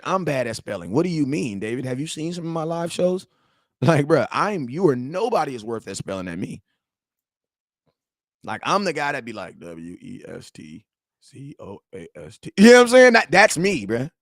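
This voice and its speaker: A medium-pitched male voice with no room sound delivers a live-stream sports rant. The speaker, a young sports talk host, gets worked up, uses slang, repeats himself, and talks straight to the people watching.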